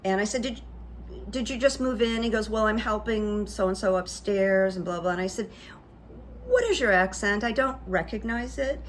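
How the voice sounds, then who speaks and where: A woman hosting her own channel, telling stories in a chatty, confiding way that trails off softly at the ends of phrases. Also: mid-range voice, normal speed. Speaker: channel host. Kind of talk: casual storytelling monologue. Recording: faint background noise.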